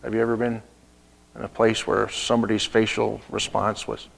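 A male pastor preaching a sermon, telling a story with rhetorical questions and sudden shifts between loud and hushed. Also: fairly low pitch, monotone, normal speed, gravelly, rough recording.

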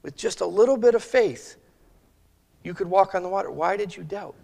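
A man preaching a sermon in a conversational way, thinking aloud with restarts and slowing to give quoted scripture weight. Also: sits high, creaky, darkish tone, in a large hall. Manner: slow, emphatic phrasing of quoted scripture.

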